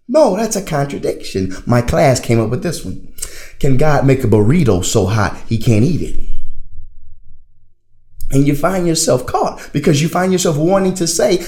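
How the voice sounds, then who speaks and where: A man's voice: a little high, animated, moderate pace, a little mellow. A man teaching theology in a classroom style, putting rhetorical questions to his listeners and answering them himself. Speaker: religion teacher.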